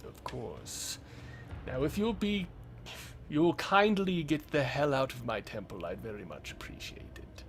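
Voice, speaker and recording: A man's voice: medium pitch, big pitch swings, measured pace, a bit bright, slight background noise. A man voicing a grumpy, sardonic male temple keeper who speaks in a dry, grudging way.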